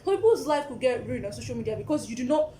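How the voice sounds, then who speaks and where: A woman's voice: on the high side, fast, roomy sound, slight background noise. A young woman with a Nigerian accent, co-hosting a casual chat and telling stories, acting out what people said and laughing often. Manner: animated storyteller, acts out quotes, laughs often. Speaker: podcast co-host.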